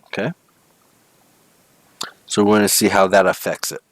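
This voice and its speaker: A man's voice: deep voice, fairly even intonation, moderate pace, no room sound. A male physics teacher talking through homework problems step by step, often checking in with "okay?" and "right?". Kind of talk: homework walkthrough lesson.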